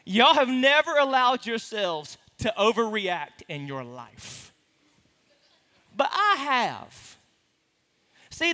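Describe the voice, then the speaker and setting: High, bright-voiced preacher in a big hall. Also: male voice. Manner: animated, playful asides to the congregation. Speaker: pastor. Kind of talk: sermon. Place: large hall with a congregation. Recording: reverberant hall.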